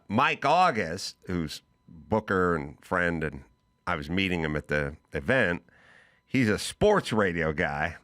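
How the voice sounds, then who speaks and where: A middle-aged man hosting a talk show, telling a casual story and acting out both sides of a phone call. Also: low voice. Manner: animated, voices both sides of a phone call in quoted bits. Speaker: podcast host.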